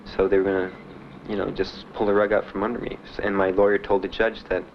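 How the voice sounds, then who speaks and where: A young veteran testifies in a flat, plain manner, his slightly low voice halting and crowded with pauses and fillers. Beneath him is a faint hiss, and the whole recording sounds muffled and dull, like a 1970s archive tape.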